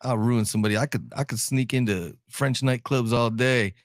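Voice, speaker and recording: A man's voice: mid-range voice, fairly even intonation, moderate pace, no echo, clean studio sound. A man from Ohio co-hosting a podcast in casual chat, joking, laughing often and repeating his words. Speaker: podcast co-host.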